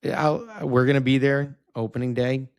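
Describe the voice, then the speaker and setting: Thirties male co-host, relaxed agreeable chatter, average pitch, dry recording. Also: normal speed, clean tone, dry recording. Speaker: podcast co-host. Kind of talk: casual chat.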